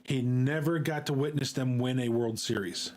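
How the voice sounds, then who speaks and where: A man streaming, talking in a casual, halting way with many fillers and repeated words. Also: medium pitch, darkish tone. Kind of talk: casual live-stream chat.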